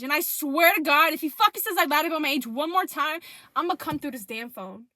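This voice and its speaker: A young woman telling a storytime vlog in an animated, emphatic way, full of slang and cursing. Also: high-pitched, fairly quick, no echo, clean studio sound. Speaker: vlogger.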